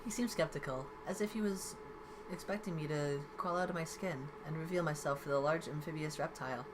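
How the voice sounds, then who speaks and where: Woman let's play host, reading game text aloud, low-pitched, background noise. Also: brisk. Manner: playful, reads with occasional stumbles. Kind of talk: reading a visual novel aloud with commentary.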